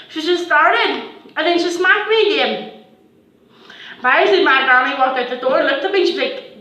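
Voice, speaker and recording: A woman's voice: high voice, a little fast. A teenage girl telling a storytime vlog, swearing a lot and acting out what people said. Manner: animated, swearing, acting out quotes in bursts. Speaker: vlogger. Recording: echoey room.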